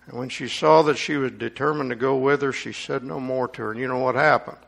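A man's voice: mid-range voice, steady tone, brisk, vocal fry, fairly bright tone. A man preaching a sermon, reading scripture aloud and commenting on it with rising emphasis.

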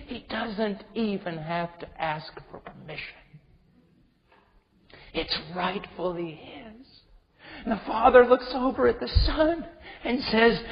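A man preaching a sermon with passion, swinging from hushed tones to shouting. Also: high-pitched, slow pace, gravelly. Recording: dull recording with long hall reverb.

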